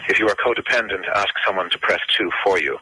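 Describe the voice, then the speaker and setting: A man reading a deadpan, calm phone menu as a recorded hotline announcer. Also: low voice, quick pace, a little hiss or hum, low-quality recording.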